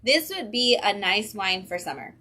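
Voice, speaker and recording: Bright, upbeat woman hosting a livestream. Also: mid-range voice, lively intonation, moderate pace. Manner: upbeat and chatty, with frequent ums. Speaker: comic shop livestream host. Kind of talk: casual livestream chat. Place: comic book shop.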